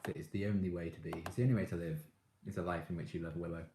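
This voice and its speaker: A man's voice: deep voice, steady tone, rapid-fire, roomy sound, background noise. A man chatting casually on a live stream, reading out viewer comments and gushing about his favourite shows with frequent laughs.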